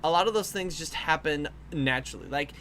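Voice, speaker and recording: A woman's voice: sits low, fairly quick, fairly bright tone, slight background noise. A woman in casual chat among friends, playful and always trying out voices and accents. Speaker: podcast host.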